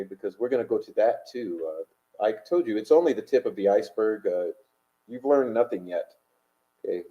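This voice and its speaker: A man's voice: fairly low pitch, mellow. Combative man hosting a livestream. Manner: rambling, combative, full of uh fillers. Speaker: livestream host. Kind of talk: casual livestream commentary reading chat. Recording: dull lo-fi stream audio.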